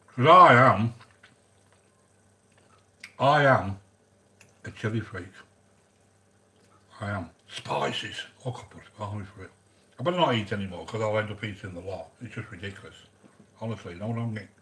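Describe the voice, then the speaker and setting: A man's voice: fairly low pitch, normal speed, long pauses, pushed and bright, slight background noise. A man chatting casually while hosting a cooking vlog, rambling and joking and greeting viewers by name. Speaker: cooking channel host.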